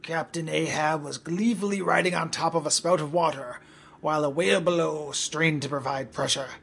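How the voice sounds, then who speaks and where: A man narrating a comic story in a deadpan storytelling manner. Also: on the high side, moderate pace, gravelly, slightly rough.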